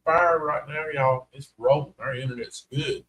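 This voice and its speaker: A man's voice: medium pitch, steady tone, normal speed, fairly bright tone, low-quality recording. A middle-aged man, hosting a casual livestream chat in a rambling, folksy way. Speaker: host.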